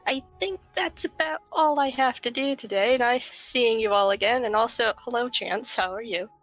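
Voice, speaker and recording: A woman's voice: a little high, moderate pace, fairly bright tone, soft background music, natural voice. A woman voicing a busy young female messenger god in a tabletop game, friendly and a little harried. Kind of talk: tabletop role-play.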